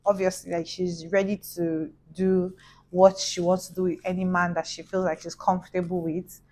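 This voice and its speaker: Animated Nigerian woman telling a story. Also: fairly low pitch, normal speed, poor audio. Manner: animated, gossipy, acts out voices. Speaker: vlogger. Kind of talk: casual storytelling.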